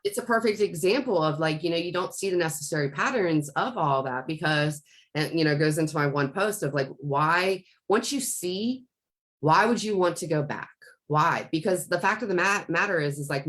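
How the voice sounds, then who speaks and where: A woman's voice: on the low side, animated, moderate pace, fairly bright tone. A woman co-hosting a casual talk show, rambling as she retells a talk with her son. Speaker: podcast co-host. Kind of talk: casual conversation.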